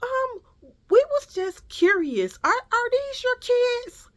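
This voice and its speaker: A woman's voice: extremely high pitch, sing-song, takes it slowly, fairly bright tone, pitched above the performer's own voice, heavily acted. A woman doing a pushy curious lady shopper. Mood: prying. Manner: hesitant, insistent.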